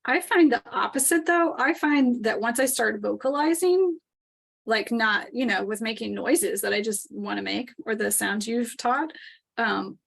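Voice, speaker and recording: A woman's voice: on the high side, unhurried, creaky, fairly bright tone. A woman hosting a casual conversation, talking candidly and loosely, laughing often and swearing now and then. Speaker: podcast host.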